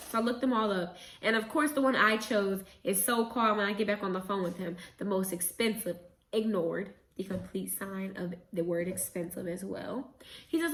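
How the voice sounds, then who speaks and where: A young adult woman casually retelling a story as a vlogger, chatty and animated, with quick self-corrections. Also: medium pitch. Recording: roomy echo.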